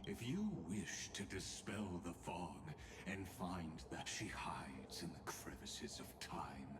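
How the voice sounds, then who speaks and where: A man voicing a mysterious figure who speaks in hushed riddles in a game. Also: sits low, animated, slow pace, background noise. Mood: cryptic. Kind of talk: game voice acting.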